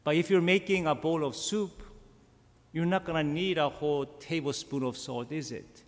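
Man preaching slow, kinda high voice, long echo of a church hall behind him. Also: fairly even intonation. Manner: slow, emphatic preaching with rhetorical questions. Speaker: pastor. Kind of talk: sermon.

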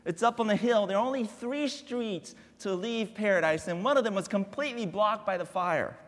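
A man preaching a sermon as a guest pastor in a church, telling a family story with drawn-out, deliberate repetitions. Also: high voice, long reverb tail. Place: church sanctuary.

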